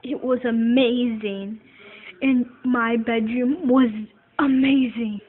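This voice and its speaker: A woman's voice: fairly high pitch, fairly even intonation. A woman narrating a home-made toy story in the first person, in an earnest, heartfelt way. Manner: earnest, slow, heartfelt telling. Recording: tinny phone-like recording, faint hiss.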